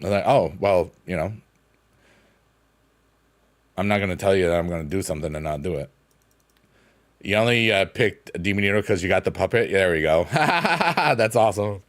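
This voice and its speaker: A man's voice: low voice, fairly quick, long pauses. A young man chatting casually on a live stream while gaming, rambling and playful with silly sing-song noises.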